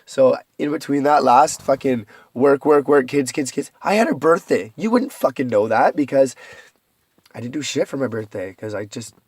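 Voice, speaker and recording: A man's voice: mid-range voice, normal speed, a little mellow, breathy edge, no echo, clean studio sound. A young man vlogging a rambling, profane confessional monologue, joking darkly as he goes. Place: rural home at night, partly outdoors.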